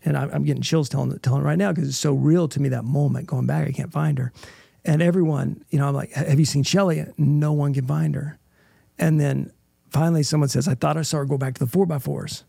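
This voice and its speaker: Gravelly-voiced middle-aged man telling a heartfelt story. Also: mid-range voice, warm tone, no echo, studio quality. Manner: earnest, keeps checking in with "right?". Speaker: interview guest. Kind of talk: emotional personal storytelling.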